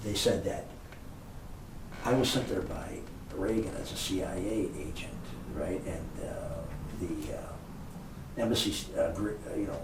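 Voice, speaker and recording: Low-pitched and unhurried, this older man, who used to run a motel, rambles through anecdotes full of fillers while being interviewed in a casual storytelling format. The mic sits far off in an echoey room, and there's a faint hiss.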